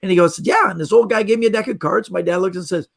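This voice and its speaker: A man's voice: high voice, racing, creaky. A middle-aged man from Canada, a magician guest, telling stories in casual podcast talk and acting out the voices of people in them. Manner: animated storyteller acting out quoted voices.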